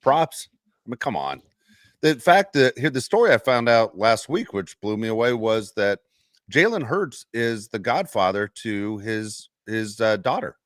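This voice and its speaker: A man hosting a casual sports podcast, talking in an emphatic, animated way. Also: fairly low pitch, a little slow, no room sound, studio quality. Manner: animated, emphatic trash talk. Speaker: podcast host.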